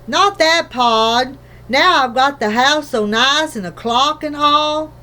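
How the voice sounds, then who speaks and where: A woman's voice: sits high, takes it slowly, sharp tone, heavily acted. A woman reading a storybook aloud, voicing a small, anxious mother who wails and pleads in plain country speech. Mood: pleading. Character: small worried mother, tiny borrower woman.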